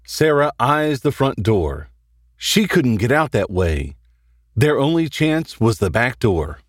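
A man hosting and narrating a horror story in a dramatic, animated reading. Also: medium pitch, takes it slowly, no echo, studio quality. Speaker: host and narrator.

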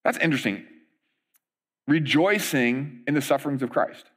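A middle-aged man preaching a sermon as pastor, conversational and animated, with frequent asides. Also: mid-range voice, moderate pace, slightly rough.

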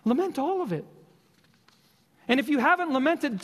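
A man preaching a sermon as pastor, with impassioned, repetitive exhortation and slow emphatic stresses. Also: very high-pitched, animated, in a large hall.

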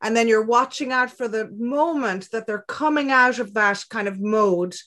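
Soft-spoken woman, fairly high voice. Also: normal speed. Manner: gentle, reflective, many soft fillers. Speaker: guest, clinical psychologist. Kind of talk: casual conversation.

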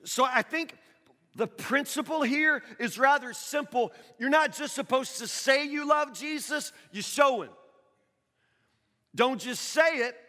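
A man's voice: very high-pitched, measured pace, pushed and bright. A man preaching a sermon in a conversational, questioning way, repeating his points for emphasis. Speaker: pastor. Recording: long reverb of a large hall.

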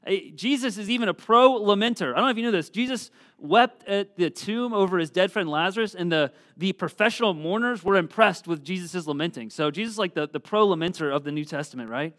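A middle-aged pastor preaching a sermon, earnest, reading scripture aloud with emphatic swells. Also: male voice, high voice, lively intonation, a little fast, few pauses, a bit bright.

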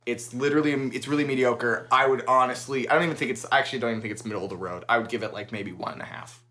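A young man co-hosting a podcast, casually recapping an episode with profane, animated storytelling. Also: mid-range voice, very fast. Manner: profane, animated retelling with acted-out quotes. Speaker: podcast co-host.

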